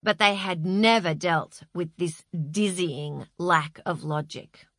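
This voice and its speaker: A woman reading a novel aloud in a measured, expressive narration. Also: lowish voice, dry recording, clean studio sound. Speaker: audiobook narrator. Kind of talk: scripted narration.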